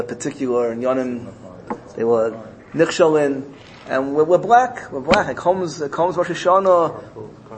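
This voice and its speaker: A man's voice: mid-range voice, slight background noise, rough recording. A man giving a sermon, telling a parable and repeating phrases as he builds his point. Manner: storytelling, rising emotionally in places, repeating phrases. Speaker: rabbi.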